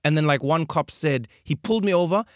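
A man's voice: fairly high pitch, brisk, no room sound, studio quality. A man from South Africa hosting a podcast, telling a story in casual chat and acting out the people in it. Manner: animated, acts out voices in anecdotes. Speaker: podcast host.

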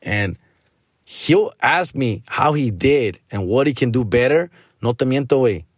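In clean studio sound with no room echo, a man with a medium-pitched voice hosts a podcast and rants, unhurried, about a friend. He tells the story animatedly, mixing in Spanish slang and imitating his friend's nagging.

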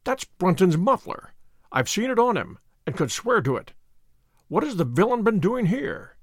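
An eager posh gentleman in a radio play, higher voice, lively. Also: moderate pace, no room sound, clean studio sound. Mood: excited. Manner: eager, exclamatory. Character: excitable aristocratic male client. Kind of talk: radio drama acting.

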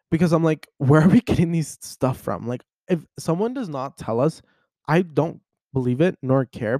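Animated young man recapping a story. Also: medium pitch, creaky, dry recording, clean studio sound. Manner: animated storyteller, acts out voices. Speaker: podcast host. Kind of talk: casual chat.

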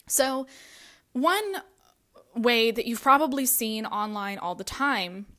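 A woman's voice: fairly high pitch, fairly bright tone. A woman hosting a podcast, giving advice in a casual, conversational way with lots of fillers. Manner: casual, conversational, frequent "like" and "you know". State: has the hiccups. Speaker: podcast host. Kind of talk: solo podcast advice talk.

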